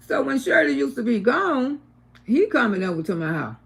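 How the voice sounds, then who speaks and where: Older woman hosting a livestream, gravelly voice, animated storyteller who acts out the quotes. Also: high-pitched, moderate pace. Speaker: livestream host. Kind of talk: casual storytelling to viewers.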